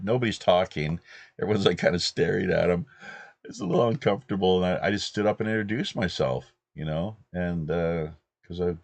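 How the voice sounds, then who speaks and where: A man in his fifties from British Columbia, hosting and rambling through a relaxed anecdote. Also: low-pitched, no echo. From British Columbia, Canada. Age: 50s. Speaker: host. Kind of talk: casual anecdotal chat.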